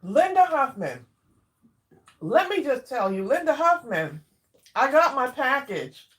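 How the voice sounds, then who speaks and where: A woman hosting a casual craft livestream, chatting warmly with viewers by name and drawing out her exclamations while she eats. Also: sits high, sing-song, slow pace. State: eating while talking. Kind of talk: casual live chat with viewers.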